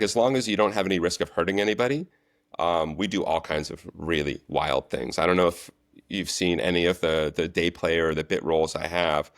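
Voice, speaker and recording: A man telling set stories as a guest, relaxed and chatty in a casual interview. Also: low-pitched, dry recording, clean studio sound. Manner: animated storyteller, relaxed and chatty. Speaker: guest, actor and stunt coordinator.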